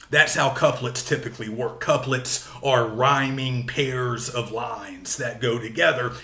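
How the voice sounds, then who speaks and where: A man's voice: medium pitch, a bit bright, reverberant. A man giving a patient, explanatory literature lecture, repeating key points and using frequent fillers. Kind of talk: recorded classroom lecture.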